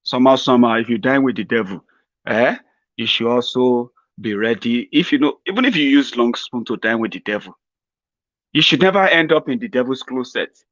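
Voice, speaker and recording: A Nigerian man holds forth in a mocking political vlog, rambling and sarcastic, often chuckling at his own remarks. His voice sits mid-pitch. The sound is dull and dry. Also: lively intonation, brisk, fairly bright tone, dry recording. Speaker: political commentator host.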